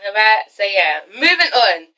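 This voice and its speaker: A woman's voice: medium pitch, sing-song, a little slow, bright, forceful tone, low-quality recording. A young woman casually recapping a TV episode, sassy and profane, ending lines with "okay?". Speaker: TV episode reviewer.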